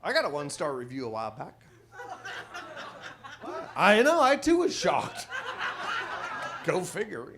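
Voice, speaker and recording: A man performing a crude stand-up comedy set on a club stage, telling ornery stories with sudden loud outbursts. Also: on the high side, wildly swooping pitch, measured pace, pauses often, a crowd in the background.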